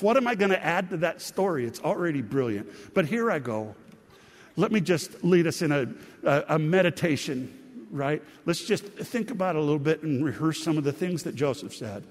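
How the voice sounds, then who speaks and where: Husky-voiced pastor preaching in a reverberant hall. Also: male voice, on the high side. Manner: earnest, conversational preaching with heartfelt emphasis. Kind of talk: sermon.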